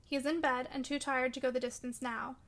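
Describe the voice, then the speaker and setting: Calm firm gentleman, woman reading it, steady and measured, high bright voice.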